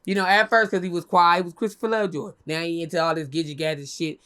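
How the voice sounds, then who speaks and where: A young woman, appearing as an interview guest, tells a story quickly in a casual, animated way. She swears freely and acts out what other people said in a high-pitched voice.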